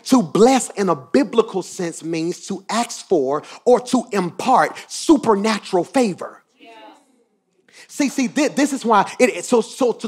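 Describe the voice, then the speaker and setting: Pitched high with a slightly rough texture, a man delivers a sermon as pastor. His volume moves from hushed remarks to shouts, and he repeats lines to drive points home.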